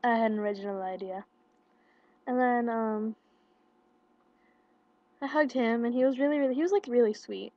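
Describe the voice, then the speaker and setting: A young woman casually retelling a concert meet-up into a webcam, excited and chatty, with lots of fillers and quoted dialogue. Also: fairly high pitch, moderate pace, long pauses, dry recording. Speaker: vlogger. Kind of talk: casual storytelling. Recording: lo-fi webcam audio.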